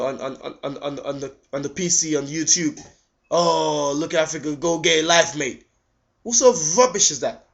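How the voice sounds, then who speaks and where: A man giving an indignant video response, firing off rhetorical questions and stumbling over repeated words. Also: high-pitched. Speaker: vlogger. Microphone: webcam. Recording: dull lo-fi webcam audio.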